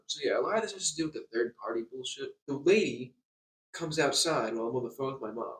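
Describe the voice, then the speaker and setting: A young man rants fast about a bad experience, stumbling over his words and swearing as he goes. His voice sits back from the mic in an echoey hotel room. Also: mid-range voice, animated, a bit bright, distant mic. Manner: agitated, swearing, stammering repeats. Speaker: vlogger. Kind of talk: angry storytime rant.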